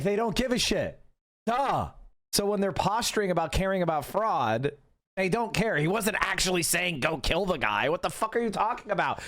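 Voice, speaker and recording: A man's voice: high voice, fairly bright tone, no room sound, studio quality. A young man streaming, ranting emphatically and profanely and answering chat. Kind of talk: casual livestream commentary.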